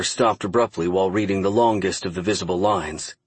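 A man giving steady, measured audiobook narration. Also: low voice, slightly rough, dry recording. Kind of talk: scripted narration.

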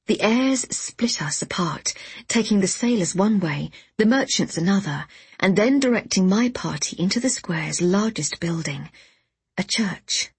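Breathy woman narrating a novel. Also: mid-range voice, animated, darkish tone, no room sound. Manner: measured, first-person storytelling. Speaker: audiobook narrator.

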